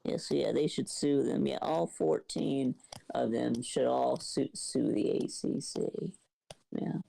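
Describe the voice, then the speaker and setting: A man co-hosting a sports podcast, asking halting questions and chiming in with short agreements. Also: mid-range voice, vocal fry, warm tone, poor audio. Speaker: podcast co-host. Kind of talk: casual sports talk.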